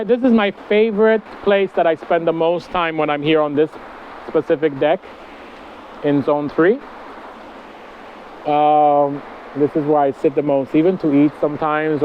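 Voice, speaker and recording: A man's voice: fairly high pitch, narrow, tinny audio, slight background noise. Chatty man vlogging outdoors. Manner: meandering, chatty, many fillers. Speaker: spiritual vlogger. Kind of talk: casual spiritual vlog. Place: outdoor deck with hammocks.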